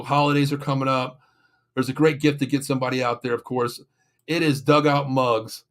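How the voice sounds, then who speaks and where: Frustrated rambling sports show host. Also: male voice, mid-range voice. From Pittsburgh area, USA. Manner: frustrated, rambling, with many fillers and restarts. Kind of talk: casual sports rant and sponsor reads.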